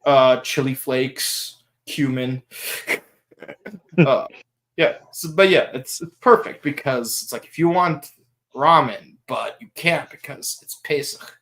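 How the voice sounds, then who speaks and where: Speaking slowly in a mid-range, fairly bright voice, a male podcast host keeps things casual. He wanders from topic to topic, laughs frequently, and puts on goofy voices.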